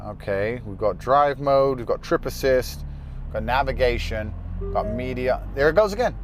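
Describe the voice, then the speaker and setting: A man's voice: medium pitch, lively intonation, normal speed, background noise. A man ranting bluntly and profanely as he hosts a car review from inside a car while driving. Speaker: host.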